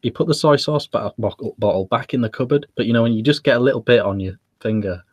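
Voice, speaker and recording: A British man co-hosting a casual chat show, telling jokey stories in a relaxed way with fillers. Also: medium pitch, fast, slightly rough, no echo. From United Kingdom. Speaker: podcast co-host.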